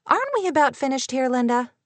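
A woman reading an audiobook, voicing a proud, prickly young woman teacher who answers in sharp, clipped retorts. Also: medium pitch, animated, normal speed, no room sound, lightly acted. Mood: irritated.

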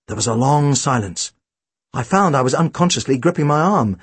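A man's voice: medium pitch, expressive, moderate pace, husky, no room sound. A man reading a first-person storybook aloud with a dry, wry delivery. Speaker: audiobook narrator.

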